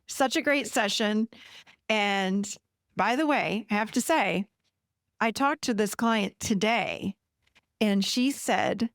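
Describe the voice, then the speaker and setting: A woman's voice: mid-range voice, measured pace, vocal fry, no room sound, studio quality. A woman podcast host and therapist telling a client story in a casual, chatty way, often addressing listeners directly.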